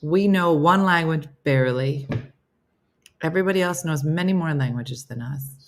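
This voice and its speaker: A middle-aged woman from the U.S. hosts an informal live morning show, going through comments and teasing herself while addressing viewers by name. Her voice is low-pitched and her pace normal.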